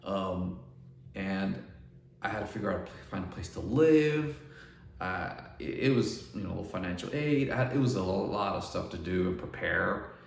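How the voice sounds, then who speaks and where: Middle-aged man, gravelly low voice, rambling storyteller, roomy far-off mic. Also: lively intonation, measured pace. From Northern California. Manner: rambling, restarts, quotes others in dialogue. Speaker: artist vlogger. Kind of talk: casual storytelling. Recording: echoey room, mic at a distance, faint ambience.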